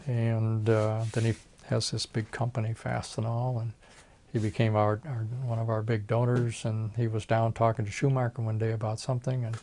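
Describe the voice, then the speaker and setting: A man's voice: on the low side, level tone, normal speed, mellow, a little hiss or hum. An older man, a retired plastic surgeon, telling folksy stories in an oral history interview and acting out the voices of people he quotes.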